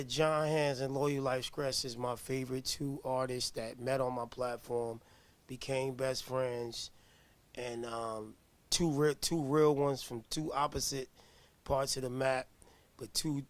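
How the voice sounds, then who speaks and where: A man hosting a live music review show, talking in a hyped, slangy way and giving shout-outs. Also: medium pitch, fairly even intonation, unhurried, no room sound.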